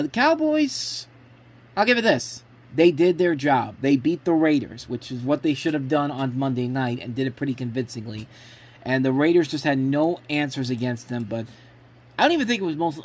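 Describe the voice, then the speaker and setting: A man's voice: medium pitch, darkish tone. A man hosting his own sports show, casually talking through football predictions and often stopping to restart or correct himself. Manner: rambling, frequent restarts and self-corrections. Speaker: sports blog host.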